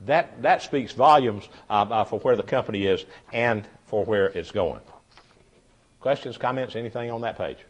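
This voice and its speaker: A man's voice: on the low side, moderate pace. A middle-aged man leading a leadership workshop, telling homey stories and repeating key phrases for emphasis. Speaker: leadership trainer.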